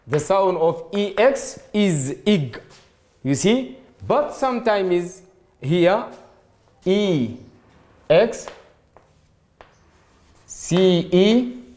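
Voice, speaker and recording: A man teaching an English grammar lesson to students, explaining slowly and repeating words, with Arabic as his first language. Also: high voice, darkish tone. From Sudan. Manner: slow, repetitive explaining, addresses students directly.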